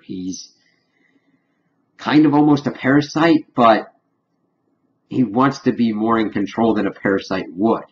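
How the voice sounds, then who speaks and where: A man reviewing a cartoon episode in a casual spoken recap, retelling it animatedly and dipping quiet then loud. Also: fairly low pitch. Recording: dull lo-fi with faint hum.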